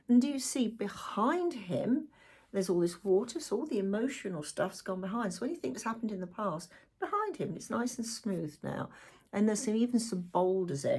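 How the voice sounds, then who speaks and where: A middle-aged woman gives a chatty tarot reading to viewers. She talks warmly with asides, and her voice is croaky. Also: fairly low pitch. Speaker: tarot reader.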